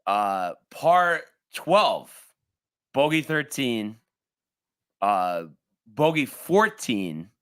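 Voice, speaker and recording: Animated, bright-voiced man telling stories. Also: medium pitch, very slow, pauses often, clear, resonant tone. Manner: animated storyteller, rambling with many fillers. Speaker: podcast co-host. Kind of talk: casual sports chat.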